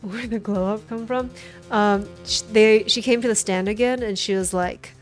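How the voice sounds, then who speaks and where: A woman's voice: medium pitch, fairly even intonation, normal speed, soft background music. A woman streamer chatting casually with her viewers, talkative and often giggling. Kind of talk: casual livestream chat.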